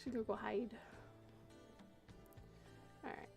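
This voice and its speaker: A woman hosting a horror livestream, reading a story aloud and then chatting casually, clearing her throat and laughing often. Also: fairly high pitch, steady tone, takes it slowly, a little mellow, faint music behind.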